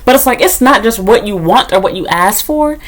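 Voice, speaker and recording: A woman from the United States vents straight to the camera in a casual storytime rant. She is blunt, sarcastic and heavily profane, and her voice sits at a middle pitch. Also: animated, fairly quick. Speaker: vlogger.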